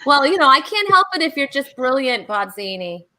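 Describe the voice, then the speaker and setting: Sing-song and fairly quick, this high, bright, sharp-voiced woman hosts a relaxed online talk show. She's bubbly, laughing a lot as she runs a trivia game.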